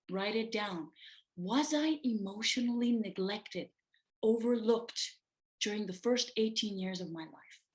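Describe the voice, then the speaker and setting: A woman leads a reflective self-development lesson in an unhurried, deliberate voice. She pauses often and repeats key phrases for emphasis. Her pitch sits in an ordinary middle range. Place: room with an open window.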